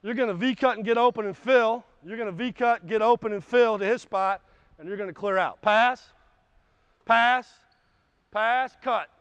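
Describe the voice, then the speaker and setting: Male basketball coach, high voice, blunt and profane, barks commands, dry dull sound. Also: fairly quick, clean tone, no room sound. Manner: barks short commands, shouts during drills; blunt, profane, folksy explanations. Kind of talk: coaching clinic with live drills. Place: gym.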